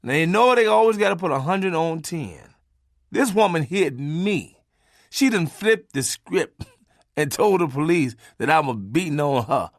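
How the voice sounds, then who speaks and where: Male comic storyteller with a slightly high, lively voice; profane, loud bursts and low asides. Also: no room sound, clean studio sound. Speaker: comedian telling his own story.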